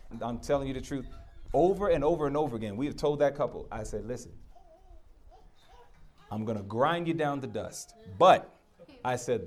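A middle-aged man preaching a sermon, emphatic and direct, throwing rhetorical questions at his congregation. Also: mid-range voice.

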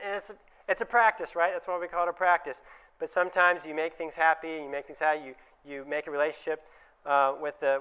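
A man's voice: fairly high pitch, a bit bright, smooth. A man giving a conversational presentation to fellow dentists, often acting out short dialogues in changed voices. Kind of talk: conference talk to dentists.

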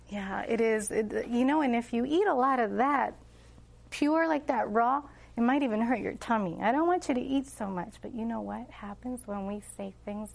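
A woman's voice: on the high side, moderate pace, vocal fry. A middle-aged woman telling stories about raising her children, animatedly acting out what she and they said. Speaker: homeschooling mother giving a talk. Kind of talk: casual storytelling talk.

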